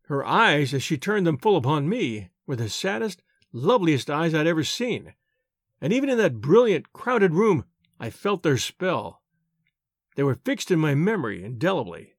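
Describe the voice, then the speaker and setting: In a slightly high voice, a man reads an audiobook with measured pacing and plenty of expression. The studio recording is clean, with no trace of room sound.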